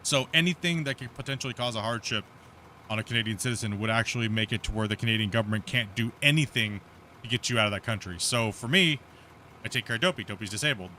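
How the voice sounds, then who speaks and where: Fast-talking and fairly low-pitched, this man hosts a live stream and drifts through a long, animated anecdote in casual voice chat, with plenty of fillers and restarts. Slight background noise sits behind him.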